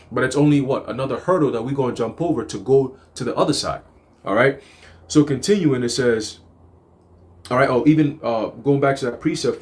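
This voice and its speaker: A man teaching scripture in a casual, emphatic way, slipping into acted-out quotes. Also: mid-range voice. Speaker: preacher. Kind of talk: livestreamed teaching.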